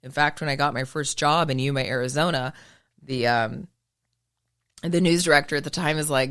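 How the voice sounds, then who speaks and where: A woman hosting her own show, speaking in a polished broadcaster voice with crisp enunciation, emphatic and full of rhetorical questions. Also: low voice, normal speed, fairly bright tone. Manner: emphatic, asks rhetorical questions and answers them. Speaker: podcast host and former news broadcaster. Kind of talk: motivational monologue.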